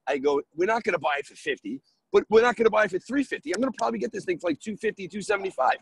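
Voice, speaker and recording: Man from New York spinning a deal story on a podcast, animated and gravelly, a bit raised in pitch. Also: rapid-fire, rough recording. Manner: animated, acts out dialogue in his story. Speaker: guest real estate investor.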